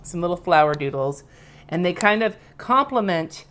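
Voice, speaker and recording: A woman's voice: on the low side, animated, normal speed, fairly bright tone, slight background noise. A woman in her thirties casually teaching lettering on a live stream, chatty and rambling as she draws and explains. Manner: chatty, rambling, demonstrates while drawing.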